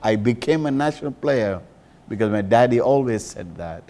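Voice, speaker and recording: A man's voice: medium pitch, animated, normal speed, mellow, pitched below the performer's own voice, close to an everyday voice. A man voicing a grateful adult football star who earnestly recalls his childhood.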